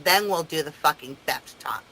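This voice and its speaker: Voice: mid-range voice, expressive, normal speed, crowd noise, low-quality recording. A caller taunting the other person in a heated phone argument, jeering in a sing-song, mocking way. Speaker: caller on a prank three-way call.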